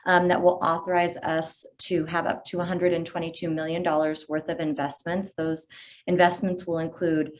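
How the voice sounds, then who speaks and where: A woman fire chief giving a brisk, informative update to a virtual community meeting over a video call. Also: fairly low pitch, little pitch movement, slight background noise.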